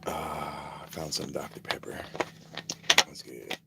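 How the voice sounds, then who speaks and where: A man's voice: extremely low pitch, fairly even intonation, takes it slowly, vocal fry, heavy background noise. A man chatting casually on a livestream outdoors, rambling with lots of fillers. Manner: rambling, filler-heavy talk. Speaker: vlogger livestreaming from a desert camp. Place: outdoors at a desert skate park camp.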